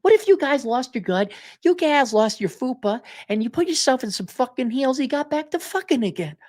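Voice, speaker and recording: A man hosts his own show in a blunt, sarcastic, casual monologue, swearing freely and reading viewer comments aloud. His pitch swings widely, rising and falling as he talks. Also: expressive, normal speed. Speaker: host.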